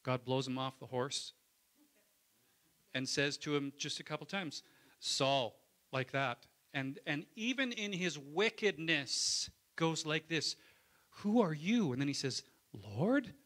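Bright-voiced man preaching a sermon. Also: fairly high pitch, measured pace. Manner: conversational preaching, asks congregation for amen. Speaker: pastor. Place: church.

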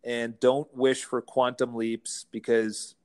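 A man, a real estate firm founder, telling animated anecdotes as a guest in a casual interview. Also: medium pitch, slow pace. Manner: animated anecdotes, playful mimicking of others.

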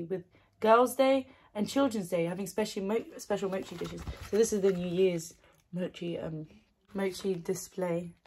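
Breathy woman doing asmr snack tasting, soft and giggly, right up on the mic. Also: mid-range voice. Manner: soft-spoken, giggly, gushing. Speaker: ASMR creator.

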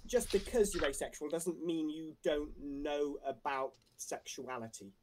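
Direct man with a slightly high voice. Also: darkish tone, slight background noise. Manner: direct, measured, states opinions plainly. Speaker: panelist. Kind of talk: online panel discussion.

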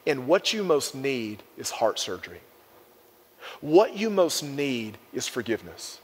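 A young man preaching a sermon to a youth group, energetic and emphatic, repeating phrases for effect. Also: medium pitch, a little slow, breathy edge, long reverb tail. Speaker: youth pastor.

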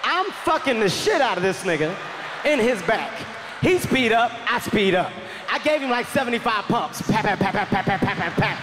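A male comedian telling a stand-up story in a loud, animated, profane way. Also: high voice, normal speed. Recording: echoey hall reverb, faint noise.

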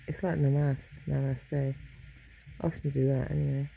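A woman's voice: very deep voice, little pitch movement, moderate pace, vocal fry, warm tone, a little hiss or hum, rough recording. A middle-aged woman talking in a meandering, self-interrupting monologue at home, with sudden swearing. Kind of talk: rambling monologue. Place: home, indoors.

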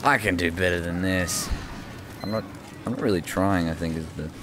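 A young man mumbling casual commentary while playing a shooter game, breaking into sudden high yelps now and then. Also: moderate pace, noisy background. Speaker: gaming channel host.

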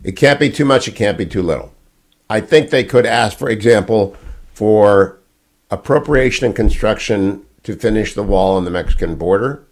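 A man's voice: lowish voice, darkish tone. An older man hosting a political talk radio show, lecturing emphatically and repeating his key points. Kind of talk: opinionated political monologue.

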